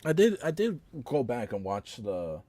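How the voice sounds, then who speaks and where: A man's voice: medium pitch, very animated, a little slow, mellow. A young man chatting casually on a game stream, rambling with lots of filler words. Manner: rambling, talks to a friend with many fillers.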